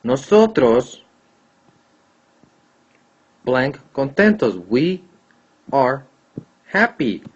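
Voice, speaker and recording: Slow-talking husky man teaching Spanish. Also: mid-range voice, lively intonation. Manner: patient, repeats and checks answers aloud. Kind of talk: classroom lesson explaining grammar. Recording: dull lo-fi recording.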